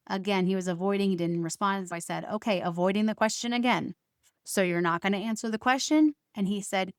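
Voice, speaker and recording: A woman's voice: mid-range voice, brisk, dry recording, clean studio sound. A woman podcast host telling a personal family story as a monologue, recounting arguments by quoting both sides with emphatic stresses.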